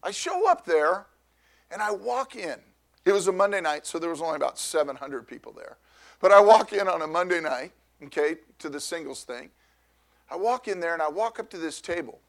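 Middle-aged male pastor, high voice, loud and animated storytelling sermon, frequent restarts. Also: fairly quick, vocal fry.

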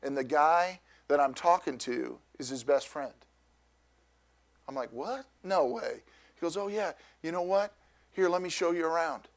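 Middle-aged male pastor, high voice, loud and animated storytelling sermon, frequent restarts. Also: normal speed.

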